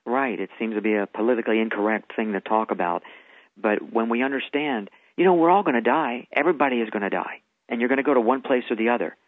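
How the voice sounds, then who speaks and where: A man's voice: mid-range voice, fast talker, no echo. A man earnestly telling his story as a guest on a radio interview, with emphatic delivery. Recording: phone-like radio broadcast audio.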